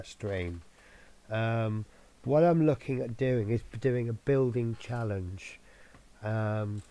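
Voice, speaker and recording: A man talks through a loose, chatty channel update, drifting from topic to topic with plenty of ums. His voice has a gravelly, creaky edge at an ordinary middle pitch. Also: darkish tone. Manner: rambling, filler-heavy, chatty. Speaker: scale model channel host.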